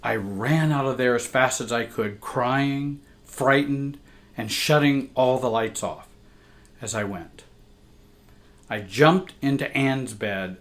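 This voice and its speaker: A man reading a personal account aloud in a measured, emotional way. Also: medium pitch. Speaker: therapist and show host.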